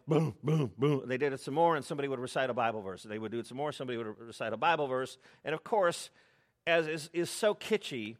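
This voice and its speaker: A middle-aged man from the United States preaching a sermon, telling stories in a conversational way with animated asides. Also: medium pitch. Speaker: pastor.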